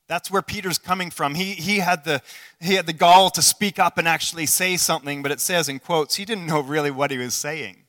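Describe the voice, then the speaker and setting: A man preaching a sermon in an earnest way, asking the listeners questions and swinging between loud passages and hushed ones. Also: fairly high pitch. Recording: long hall reverb.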